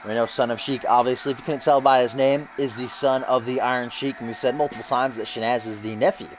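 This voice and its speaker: A man's voice: mid-range voice, steady tone, fast talker, music in the background, low-quality recording. A young man calls a video game wrestling show like a hype announcer, cracking jokes and swearing along the way. His voice sits in the middle range and comes through close, as if from a desk mic. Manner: joking, profane, hype-announcer delivery. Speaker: host and play-by-play commentator. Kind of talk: casual wrestling game commentary.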